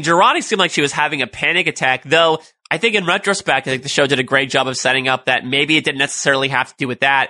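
A man co-hosting a casual fan discussion podcast, chatty and quick with jokes. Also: medium pitch, bright, forceful tone, dry recording. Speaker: podcast co-host.

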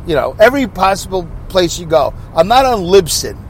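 A man talks through his podcast in a loose, rambling way, chatty and wry. His voice sits a little high for a man. Faint traffic hums behind him while he talks on the road. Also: lively intonation, moderate pace, few pauses. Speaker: podcast host. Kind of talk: casual rambling monologue. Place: on the road with passing motorcycles. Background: passing traffic.

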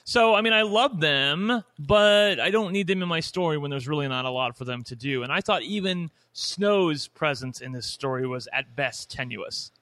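A man's voice: a little high, expressive, moderate pace, few pauses, bright, forceful tone. A man from Indiana co-hosting a TV recap podcast, speaking candidly and opinionatedly in casual chat. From Indiana, USA. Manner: candid, opinionated, trails off and restarts. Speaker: podcast co-host.

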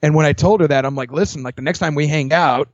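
A young man, a podcast guest, telling his dating stories in casual chat, candid and quick to laugh, swearing freely. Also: fairly high pitch, no room sound. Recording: dry, dull lo-fi sound.

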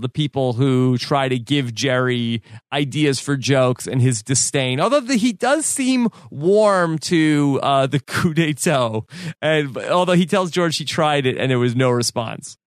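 A man's voice: on the high side, clear, resonant tone, no echo. Guy rambling thru a story on a podcast, lots of likes and ums, dry close sound. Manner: rambling, many fillers and restarts. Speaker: podcast co-host. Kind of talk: casual chat recounting a story.

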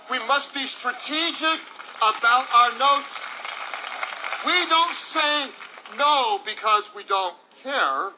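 A man's voice: very high-pitched, expressive, slow pace, background noise. A male pastor delivering a sermon in an emphatic, playful way, acting out examples for the congregation. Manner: emphatic, playful preacher who acts out examples.

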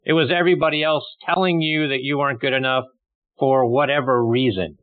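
A man's voice: medium pitch, brisk, no echo. A man hosting a golf podcast, asking long, rambling questions. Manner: rambling, loose questions with fillers. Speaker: podcast host. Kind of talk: interview questions. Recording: dry tinny phone-like line.

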